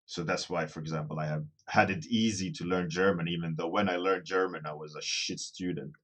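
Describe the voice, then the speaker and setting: A man's voice: sits low, steady tone, a little fast, fairly bright tone. A man casually chatting with viewers during a livestream, rambling and self-deprecating, often restarting his phrases as he thinks aloud. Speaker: artist streaming a daily warmup.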